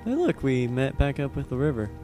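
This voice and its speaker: A man's voice: medium pitch, very animated, a little fast, dark tone, soft background music. A man casually narrating his gameplay, swearing freely and chatting to the characters on screen. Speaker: gameplay commentator. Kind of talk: casual let's-play commentary.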